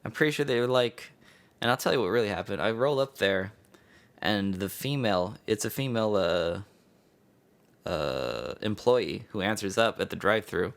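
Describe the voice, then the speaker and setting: A man's voice: fairly low pitch, lively intonation, normal speed, creaky. A man hosting his own podcast, telling a story in a loose, meandering, profane way with chuckles. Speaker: podcast host. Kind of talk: rambling casual storytelling.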